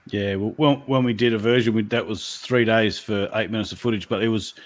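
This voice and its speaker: A man's voice: on the low side, fairly even intonation, brisk. A man from Australia, hosting a casual live video chat and asking chatty questions. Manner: chatty, asks questions with filler restarts. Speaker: live show host.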